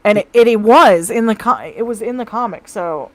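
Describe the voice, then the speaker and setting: A woman's voice: fairly high pitch, no echo. Woman, co-host, casual live chat, reads comments, chatty, dry close sound, home mic. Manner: chatty, quick asides, laughs easily. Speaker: co-host reading viewer comments. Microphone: home mic on a video call.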